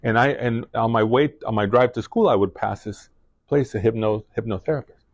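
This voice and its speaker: A middle-aged man speaking to a class, telling a personal story in a halting way full of restarts and fillers. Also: medium pitch, no room sound, muffled recording. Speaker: guest speaker.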